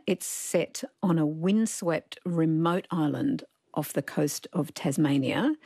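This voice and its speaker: Aussie woman co-hosting a book show, deep husky voice, wry and keen. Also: warm tone, no echo, clean studio sound. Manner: articulate, wry, enthusiastic. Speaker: radio co-host. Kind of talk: radio book discussion.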